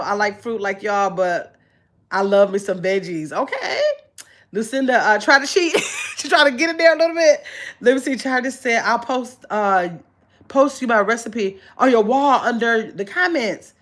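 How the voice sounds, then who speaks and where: A middle-aged woman with a slightly high voice hosts a relaxed livestream. She reads viewer comments aloud one by one and answers them in an easygoing, chatty way, pausing often to scan for the next one. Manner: chatty and easygoing, with frequent "let me see" pauses while reading. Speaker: channel host.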